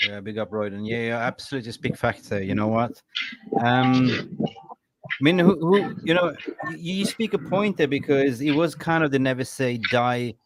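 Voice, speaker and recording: A man hosting a live call-in fan show, upbeat, giving callers shout-outs. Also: mid-range voice, normal speed. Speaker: host.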